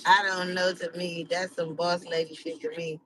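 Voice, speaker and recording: A woman's voice: lowish voice, little pitch movement, moderate pace, fairly bright tone, slight background noise, rough recording. A woman hosting her channel, chatting casually with live viewers in a slangy, rambling way full of "like" and "you know.". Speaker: channel host.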